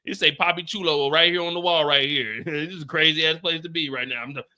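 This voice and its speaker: A man recapping a TV episode in animated reaction commentary, loud, profane and joking. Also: a little high, quick pace, a little hiss or hum.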